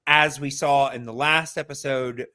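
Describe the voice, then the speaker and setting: A man's voice: mid-range voice, fairly even intonation, a little slow, sharp tone. A man hosting a podcast in casual chat, thinking aloud and explaining at length. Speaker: podcast host.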